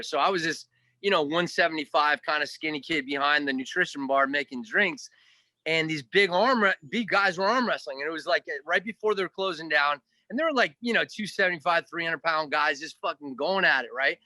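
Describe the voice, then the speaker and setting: A man's voice: fairly high pitch, brisk, dry recording. A man telling a long story in a casual interview, rambling, swearing now and then and acting out what others said. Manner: animated, rambling, swears, acts out quotes. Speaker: guest actor.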